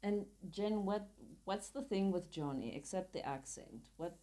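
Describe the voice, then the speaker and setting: A woman's voice: medium pitch, measured pace, warm tone. A woman author talking about her own novel in a casual podcast chat, playful and teasing with her friends.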